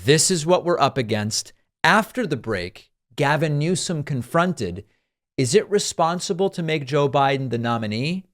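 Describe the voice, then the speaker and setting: A man's voice: on the high side, lively intonation, moderate pace, fairly bright tone. A man hosting a political commentary show, reacting to clips in a dry, sarcastic way on a studio microphone.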